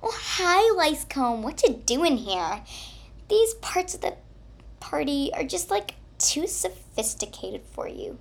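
A woman's voice: high voice, expressive, unhurried, voice pushed up, exaggerated voice. A woman doing a snooty mean-girl hairbrush. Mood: fake nice. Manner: fake-sweet, condescending, drawls "like".

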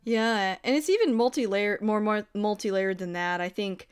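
American woman, mid pitch, thoughtful agreeable co-host, casual film chat. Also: normal speed, clean tone. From United States. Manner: thoughtful, agreeable, laughs often.

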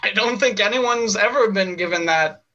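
A man's voice: high voice, moderate pace, sharp tone, dull audio. A man playing an awkward actor at an audition, mumbling sulky asides. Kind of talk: comedic sketch, audition scene.

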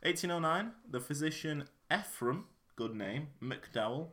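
A man's voice: on the high side, lively intonation, a little slow, a bit bright. Jokey man hosting a podcast. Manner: jokey, laughs often, trips over words. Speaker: podcast host. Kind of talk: casual chat, reading out history facts.

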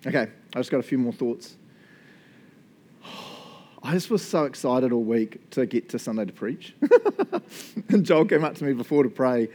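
A man's voice: mid-range voice, expressive, normal speed, pauses often, a little mellow. A man, preaching as a pastor, praying and then teaching in an earnest, enthusiastic way with frequent laughs. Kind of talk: sermon with spoken prayer.

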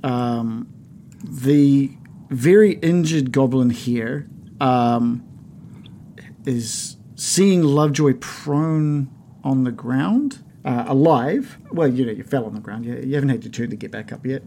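A man's voice: medium pitch, slow pace, warm tone, a little hiss or hum. A man running a tabletop game as game master, narrating with frequent uhs and ums. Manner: hesitant, lots of uh and um.

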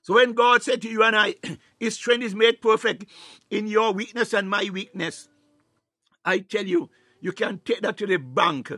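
A man preaching a fervent sermon, filling every pause with "my God" and "hallelujah" and sometimes breaking into tongues and shouts. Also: sits high, slightly rough, dry recording, studio quality. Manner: bursts into tongues, rising to shouts.

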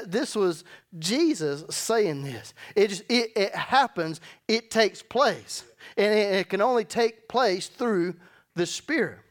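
Emphatic male pastor preaching a sermon. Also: sits high. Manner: emphatic, conversational preaching with repeated words. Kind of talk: sermon with scripture reading. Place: church service.

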